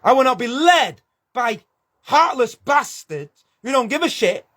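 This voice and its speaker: A man's voice: extremely high pitch, big pitch swings, measured pace, a bit bright. A man ranting angrily to camera, swearing and confrontational. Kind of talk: angry video rant.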